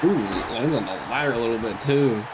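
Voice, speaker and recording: A man's voice: mid-range voice, fast talker, background noise. A man adding wrestling color commentary with short reactions and quips.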